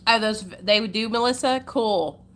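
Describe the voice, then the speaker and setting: A woman's voice: on the high side, normal speed, a bit bright. Chatty Arkansas country woman. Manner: chatty, folksy, calls viewers honey and y'all. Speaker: livestream host. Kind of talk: casual livestream chat with viewers.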